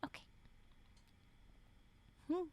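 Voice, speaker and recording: A woman streamer reading a story aloud on stream, breaking in with animated, indignant asides. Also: very slow, no echo.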